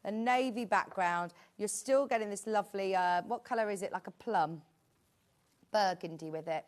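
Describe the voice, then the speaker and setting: A woman's voice: medium pitch, moderate pace. A British woman presenting a live shopping show, chatting in a rambling, friendly way with asides. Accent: British English. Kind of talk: live sales chat.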